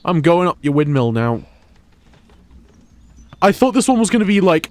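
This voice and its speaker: A man's voice: fairly high pitch, sing-song, moderate pace, long pauses, dry recording. A man, streaming a game and rambling crude jokes at home. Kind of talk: gameplay live stream commentary.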